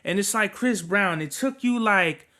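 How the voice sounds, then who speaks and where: Bright, tense-voiced man ranting casually. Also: high voice, a little slow. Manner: rambling, profane, slangy, opinionated. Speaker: podcast host. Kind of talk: casual solo commentary.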